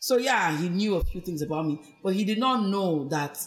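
A woman's voice: lowish voice, animated, moderate pace. A woman with a Nigerian accent, a podcast guest earnestly recounting her life and weaving in her faith. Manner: earnest, reflective storytelling with faith references. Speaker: guest, abuse survivor. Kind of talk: personal testimony in a podcast interview.

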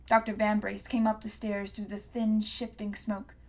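A woman narrating an audiobook in a measured, hushed reading voice. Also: medium pitch, completely flat delivery. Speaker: audiobook reader. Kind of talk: scripted narration.

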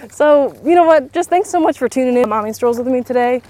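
Out walking through her neighborhood, a podcast host in her twenties talks a little breathlessly, chatty and rambling with plenty of fillers. Her high voice is expressive with a darkish tone, at a moderate pace.

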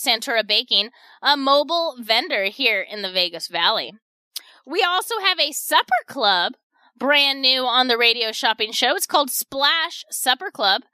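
Radio shopping host lady, high bright voice, chatty deal patter, dry close mic. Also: no room sound. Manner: chatty, repeats prices, upbeat pitchman patter. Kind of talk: radio sales pitch.

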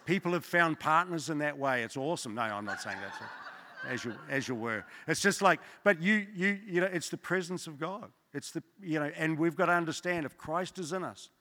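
A man's voice: fairly high pitch, animated, brisk, pushed and bright, slight background noise. A middle-aged man, preaching a church sermon in an informal, joking way, with rambling asides. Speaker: guest preacher. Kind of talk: evening church sermon with testimonies. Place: church service. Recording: long church hall reverb.

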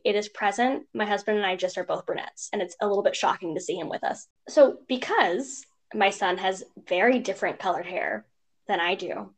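A young woman co-hosting a casual podcast, telling stories in an animated way and mimicking strangers' voices. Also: mid-range voice. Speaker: podcast co-host. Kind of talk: casual chat.

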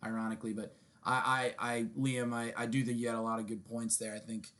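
A man's voice: medium pitch, level tone, brisk, a bit bright. Rambling man, stammering restarts. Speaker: podcast co-host. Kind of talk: casual podcast chat.

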